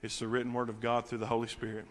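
A man preaching a sermon as pastor in a church sanctuary, swinging from shouting to a quiet, intimate near-whisper. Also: mid-range voice, completely flat delivery, very fast, in a large hall.

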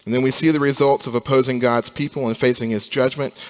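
A young adult man preaches a sermon in a hall with a long, lingering reverb. His voice sits at an everyday middle pitch, dropping soft and slow, then swelling loud to drive a point home. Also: steady tone. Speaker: pastor.

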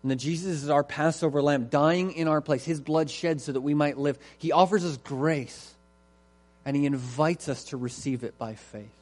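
A man's voice: fairly high pitch, moderate pace, darkish tone. A man preaching a sermon in an earnest, emphatic way and repeating his key phrases.

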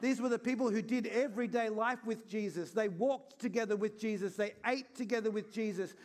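A man's voice: sits high, brisk. A man preaching an Easter sermon in an earnest, conversational way, acting out little scenes as he goes. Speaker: pastor.

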